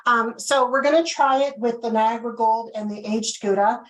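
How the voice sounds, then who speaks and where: A woman's voice: fairly high pitch, steady tone, moderate pace, rough recording. Chatty woman presenting a wine tasting. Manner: chatty, checks in with okay often. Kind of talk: casual live tasting demo.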